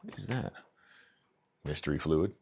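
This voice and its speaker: A man's voice: extremely low pitch, lively intonation, unhurried, vocal fry, a little mellow, slight background noise. A man live-streaming as he works on a radio-control model, chatting casually and muttering jokey asides to his viewers as he tinkers.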